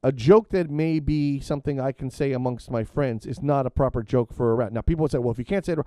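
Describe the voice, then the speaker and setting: Middle-aged male podcast co-host, animated and rambling, dark timbre, dry close-miked sound. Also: medium pitch, fairly quick, clean tone, no echo. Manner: animated storyteller, many fillers and restarts. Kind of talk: casual chat.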